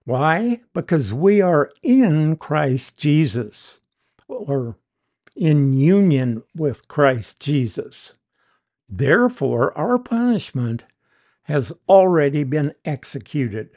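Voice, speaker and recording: A preacher giving an expository Bible teaching sermon, deliberate and emphatic, leaning hard on key words. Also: medium pitch, big pitch swings, dark tone.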